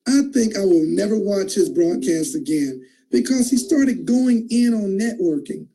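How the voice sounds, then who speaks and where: A man hosting an online call, moderating with excitable, emphatic hype. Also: high voice, unhurried, slight background noise, low-quality recording. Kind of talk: enthusiastic moderating.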